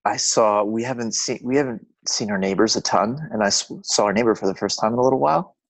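A man co-hosting a podcast, chatting casually and telling rambling stories with halting restarts. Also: fairly low pitch, dry recording. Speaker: podcast co-host. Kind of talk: casual chat.

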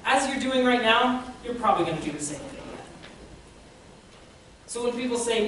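A woman preaching in a relaxed, conversational way, her voice rising and falling with plenty of life. She sounds a little distant from the mic. A strong echo hangs on every word, with faint noise underneath. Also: fairly high pitch, normal speed, pauses often. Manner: conversational, addresses listeners as guys. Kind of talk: sermon.

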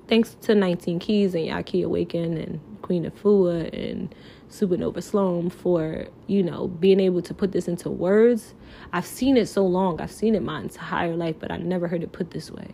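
A woman's voice: fairly low pitch, fairly even intonation, normal speed, vocal fry, warm tone, slight background noise. A woman hosting a podcast alone, talking in an impassioned, pleading way, full of filler words and swearing, close to tears. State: near tears. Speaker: podcast host. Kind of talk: emotional podcast monologue.

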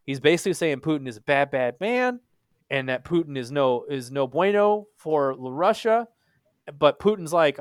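A young man from Texas, hosting a casual hockey podcast, animated and swearing freely. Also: on the high side, normal speed, dry recording. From Texas, USA. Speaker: podcast host.

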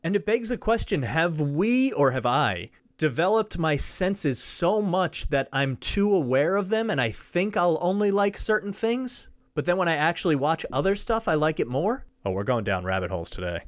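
This is a man hosting his own podcast, chatting on his own in a rambling, jokey way. His voice sits somewhat high and moves around a great deal. The sound is dry and close, with no room around it. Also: big pitch swings, moderate pace, dry recording. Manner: rambling, jokey, goes off on tangents. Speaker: podcast host. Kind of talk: solo podcast monologue.

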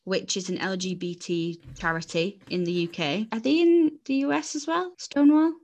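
A woman's voice: medium pitch, moderate pace, darkish tone. A woman, co-hosting a podcast and telling personal stories in a frank, blunt, self-mocking way. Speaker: podcast co-host. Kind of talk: candid conversational storytelling.

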